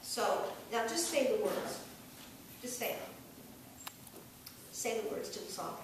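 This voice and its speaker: A woman vocal coach with a high voice gives encouraging, demonstrative directions and sometimes sings a line to show how. She is recorded from a distance in a very echoey room. A steady noise sits behind her. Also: slow. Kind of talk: singing lesson coaching.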